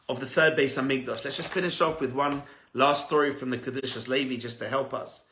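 Rabbi giving a sermon, bright forceful tone, dramatic storyteller, roomy echo. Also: male voice, mid-range voice, steady tone, brisk, few pauses. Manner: dramatic storyteller, swings from hushed to fervent.

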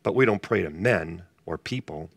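Gravelly-voiced male pastor teaching a group. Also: low-pitched, lively intonation, normal speed, fairly bright tone. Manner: conversational, asks the group questions. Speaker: pastor leading a Bible study. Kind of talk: casual Bible study teaching.

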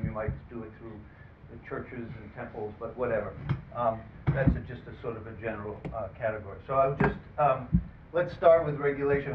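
A man moderating a panel, speaking haltingly with plenty of ums and the odd dry aside. His voice sits at an ordinary pitch and is picked up from across a big echoing room. The sound is thin and phone-like, with a faint hiss underneath. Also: recorded from a distance. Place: conference room.

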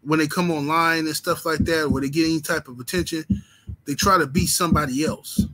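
Dude, chillin on a boxing stream, cussin, lots of "you know what im sayin". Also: male voice, fairly high pitch, fairly even intonation, a little fast, pushed and bright, rough recording. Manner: laid-back, profane street talk with lots of "you know what I'm saying". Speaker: boxing channel host. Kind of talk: casual livestream chat reading the super chat.

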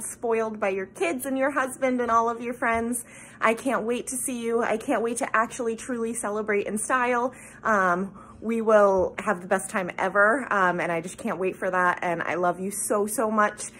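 A woman's voice: on the high side, a bit bright, slight background noise, poor audio. A woman, a close friend, leaving a gushing, rambling birthday video message with many ums.

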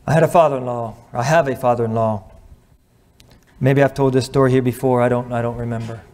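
An earnest middle-aged male preacher delivers a sermon in an ordinary mid-range voice. He slows and sinks to a near hush at tender moments and clears his throat now and then. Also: mid-range voice, fairly even intonation. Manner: earnest, slows and drops to a hush at emotional points.

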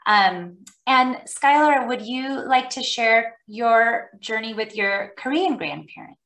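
Brief: female moderator, fairly high voice, slow and measured. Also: lively intonation, a bit bright, rough recording. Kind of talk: panel moderation.

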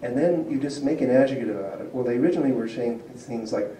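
Dark-voiced man lecturing in a roomy hall. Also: medium pitch, fast talker, a little hiss or hum. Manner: explanatory, asks the audience questions, chuckles often. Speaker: university linguistics lecturer. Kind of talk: public lecture to a community audience. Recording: roomy hall picked up from a distance.

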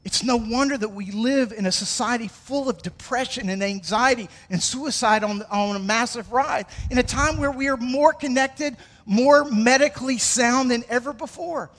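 A pastor with a high voice preaches in a church sanctuary, speaking casually and with energy as he calls on the congregation to repeat his words. His voice rings out with a long reverb from the hall. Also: normal speed, few pauses. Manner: energetic, conversational preaching with audience call-outs. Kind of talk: sermon.

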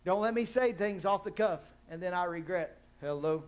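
A man's voice: sits high, normal speed. A man preaching a sermon as pastor in a church, rising into emphatic call-and-response with the congregation. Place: church hall.

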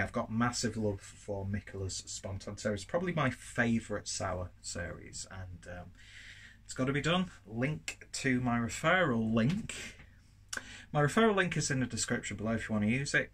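Husky, rambling well-spoken English man. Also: lowish voice, expressive, moderate pace, fairly bright tone. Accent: well-spoken southern English. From northern England. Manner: rambling, chatty, self-deprecating. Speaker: beer reviewer. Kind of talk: casual review vlog. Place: home, while cooking.

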